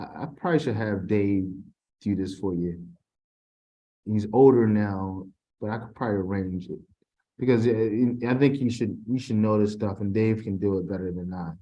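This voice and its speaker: Low-voiced man reading quiz questions. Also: warm tone, muffled recording. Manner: informal, halting, reads quiz questions aloud with restarts. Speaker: TESOL instructor. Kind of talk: casual tutoring session.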